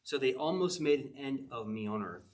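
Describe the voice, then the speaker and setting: A middle-aged man delivers a relaxed, conversational sermon as a pastor. His voice sits at an ordinary male pitch, and he talks to the congregation like he's chatting with friends, tossing in quick "okay?" checks as he goes. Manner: conversational, chatty preaching with frequent "okay?" asides.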